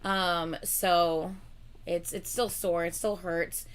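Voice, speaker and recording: A woman's voice: on the low side, steady tone, slow, clear, resonant tone. A young woman co-hosting a livestream, chatting casually and rambling with lots of filler words. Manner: rambling, lots of "like" fillers, laughs between lines. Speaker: livestream co-host.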